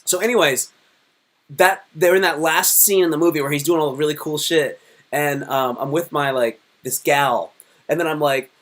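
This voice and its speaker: A man in his thirties hosts a casual live-stream chat with a slightly high voice. He tells stories animatedly and keeps dropping in "like" and "um". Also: moderate pace. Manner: animated storyteller, many fillers.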